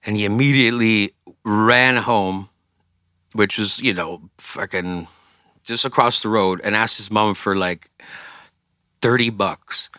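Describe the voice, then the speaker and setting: A man's voice: fairly low pitch, slow, pauses often, pushed and bright, no room sound, studio quality. A man being interviewed as a rock singer, rambling through casual stories and swearing often. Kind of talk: casual storytelling.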